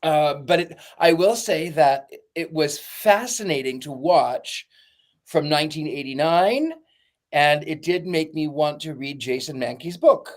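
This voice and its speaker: A man on a panel chat, joking deadpan and stumbling over the starts of his sentences. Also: a little high, measured pace. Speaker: panel guest.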